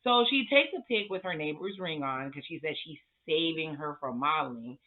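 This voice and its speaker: A woman's voice: low voice, expressive, moderate pace. A woman giving a casual, blunt recap of a TV episode and talking straight to her viewers. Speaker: TV review vlogger. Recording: thin, phone-like sound.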